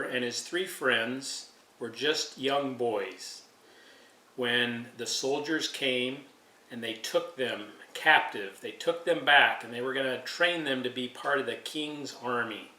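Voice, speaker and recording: A man teaching a preschool Sunday school lesson, patient and clearing his throat often. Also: medium pitch, pushed and bright. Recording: echoey room, far from the mic.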